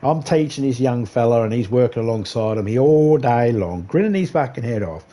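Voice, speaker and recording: A man spins a loose, rambling anecdote on his gaming stream. His voice sits at a middling pitch, and he swears freely and breaks into laughter often. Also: expressive, a little fast, mellow. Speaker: livestream gamer. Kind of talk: casual storytelling.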